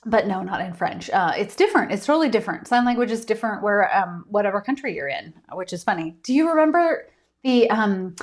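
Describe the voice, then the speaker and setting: An author hosting a casual live stream from home, chatty and giggly with many ums. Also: female voice, medium pitch, big pitch swings, fairly quick.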